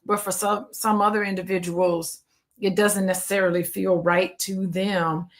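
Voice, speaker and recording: A woman therapist hosting a live-streamed interview, talking lively and casually with frequent laughs and relaxed slang. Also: medium pitch, moderate pace. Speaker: therapist and host.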